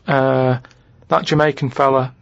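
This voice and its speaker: A man's voice: medium pitch, level tone, creaky, no echo. A man with a Manchester accent chatting casually on a comedy podcast, rambling and restarting his sentences. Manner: rambling, repeats himself, halting restarts. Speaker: regular guest, diary and quiz reader. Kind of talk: casual comic chat. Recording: muffled dry studio sound.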